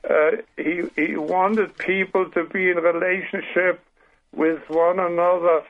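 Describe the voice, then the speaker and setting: Older guy with a german accent, higher voice, slow and earnest, lots of restarts, tinny phone sound. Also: little pitch movement. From Britain, raised in Paraguay. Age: 70s. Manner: earnest, halting, many restarts. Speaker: guest author. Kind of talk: phone-in radio interview. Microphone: telephone.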